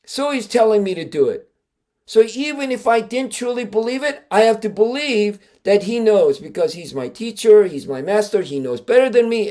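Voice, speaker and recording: A man with a high-pitched speaking voice, a martial arts grandmaster hosting his own podcast. He tells stories casually and emphatically, with plenty of fillers and restarts. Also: dark tone. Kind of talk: casual storytelling.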